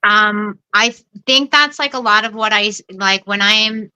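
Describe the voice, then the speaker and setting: A woman with a lower voice that still sounds bright and forceful co-hosts a casual podcast. She answers hesitantly, with lots of "um" and "like," and her tone stays smooth and clear. The sound is dry and close to the mic. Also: moderate pace, dry recording, rough recording. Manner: hesitant, many fillers and restarts.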